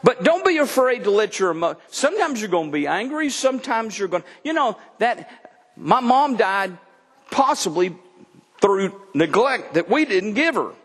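A man's voice: high voice, moderate pace, slightly rough. Folksy male pastor in a reverberant hall. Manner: conversational, folksy, animated with laughs. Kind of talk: sermon.

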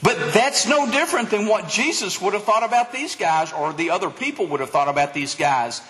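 A man's voice: sits high, animated, a little fast, few pauses, a bit bright. A man preaching a sermon as a pastor, delivering it with animation and acting out the voices of the crowd. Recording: long hall reverb.

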